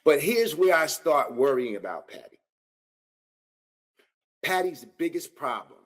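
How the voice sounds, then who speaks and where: A man hosts a solo combat-sports podcast with a husky, slightly raised voice. His delivery is lively and animated, full of slang as he addresses his viewers directly. He sounds like a fan breaking down the matchup for his audience. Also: fairly high pitch, a little slow. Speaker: podcast host. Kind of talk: solo fight-analysis podcast.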